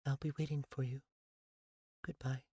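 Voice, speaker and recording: A man voicing a weak, gentle dying girl of about eight in an audiobook, soft and faint. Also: mid-range voice, a little fast, slightly rough, no room sound, studio quality, pitched above the performer's own voice, lightly acted. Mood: weak, tender. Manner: quiet, fragile, tender. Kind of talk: audiobook character voice.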